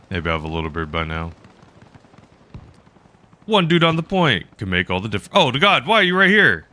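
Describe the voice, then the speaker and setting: A male game streamer chats casually with viewers, rambling and trailing off. His voice is low but bright, with a lively, swinging intonation and faint background noise. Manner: rambling, chatting with viewers, frequent laughs. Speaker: live streamer. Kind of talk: casual gaming commentary.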